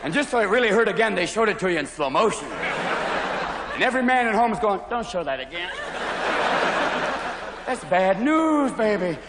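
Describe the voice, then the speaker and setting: A man in his thirties doing live stand-up comedy on a large stage, manic and rapid-fire, jumping in and out of voices. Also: sits high, lively intonation, in a large hall. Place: large opera house stage. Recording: loud live crowd and room noise. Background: roaring audience laughter.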